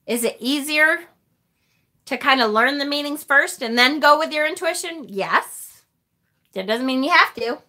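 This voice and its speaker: A woman's voice: high-pitched, expressive, unhurried, bright, forceful tone. A woman hosting a live tarot stream, talking casually and animatedly with the occasional mild swear.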